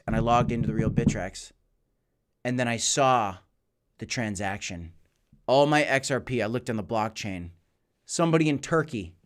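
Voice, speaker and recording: A man in his thirties hosting a livestream, chatting casually and answering viewer messages with animated, repetitive storytelling. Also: fairly high pitch. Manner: animated storytelling with repeated phrases. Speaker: crypto livestream host. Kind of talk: casual livestream chat reading super chats.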